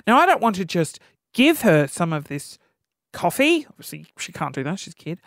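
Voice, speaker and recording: A man's voice: high voice, a little fast, dry recording, clean studio sound. A man in his thirties, hosting a podcast and telling exasperated, comedic stories about what annoys him. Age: 30s. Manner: exasperated, animated storytelling. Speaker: podcast host. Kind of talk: comedic rant.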